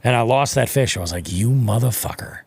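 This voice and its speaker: A man's voice: medium pitch, animated, quick pace, dry recording, clean studio sound. A man co-hosting a podcast, telling a story in casual, profane chat and acting out his own quotes. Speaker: podcast co-host.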